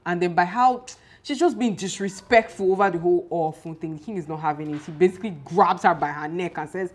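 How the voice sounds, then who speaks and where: A young woman, casually chatting and recapping a TV series in an animated, exclaiming way. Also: on the low side, fairly quick, few pauses. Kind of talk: casual chat.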